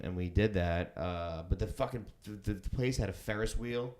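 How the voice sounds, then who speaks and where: A man's voice: on the low side, a little fast, few pauses, darkish tone. A man co-hosting a podcast, telling rambling stories in casual chat and swearing freely. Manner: rambling storyteller, swears a lot. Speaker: podcast co-host.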